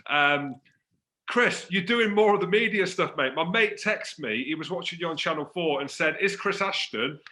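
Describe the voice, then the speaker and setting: A man from Scotland hosting a casual interview, joking and teasing his guest with lively banter. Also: a little high, normal speed, roomy sound. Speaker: host.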